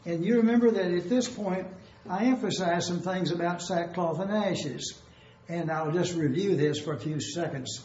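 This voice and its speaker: High-voiced preacher in an echoey room. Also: male voice, darkish tone, a little hiss or hum. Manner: numbered points, deliberate repetition. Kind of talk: expository sermon. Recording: echoey room, dull lo-fi sound.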